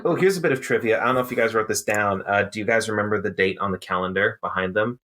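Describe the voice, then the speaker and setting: A man co-hosts a casual podcast, walking his friends through a cartoon episode. His voice sits fairly low but comes out bright and forceful, and he pads his talk with plenty of "uh"s. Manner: animated, with many "uh"s and quick voiced asides. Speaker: podcast co-host.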